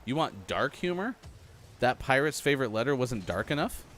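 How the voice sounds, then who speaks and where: A man's voice: medium pitch, sing-song, moderate pace, fairly bright tone, a little hiss or hum. A man hosting a casual morning show, chatty and laughing at his own jokes. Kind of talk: casual live-stream chat.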